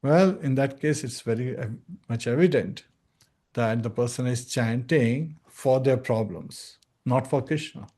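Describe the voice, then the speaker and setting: A man giving an earnest devotional scripture talk as a spiritual teacher, at times slowly singing chant phrases and acting out short dialogues. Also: mid-range voice, mellow.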